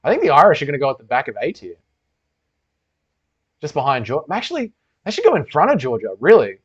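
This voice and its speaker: With a fairly high, husky voice whose pitch swoops wildly, a young man talks fast as he hosts a casual livestream Q&A. He reads the chat aloud and banters crudely, swearing constantly, over dull lo-fi stream audio.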